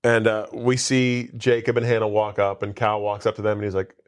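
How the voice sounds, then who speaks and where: A man's voice: lowish voice, completely flat delivery, fairly quick. A man casually retelling a movie plot on a podcast, rambling with many asides and quoted lines. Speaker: podcast co-host. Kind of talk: casual movie recap chat.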